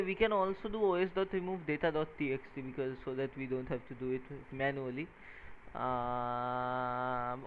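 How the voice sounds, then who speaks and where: Tired man mumbling through a build, tinny. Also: mid-range voice. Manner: mumbled, halting, counting pins aloud. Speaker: maker coding a microcontroller project. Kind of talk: casual talk-through while working. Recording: tinny phone-like sound with faint noise.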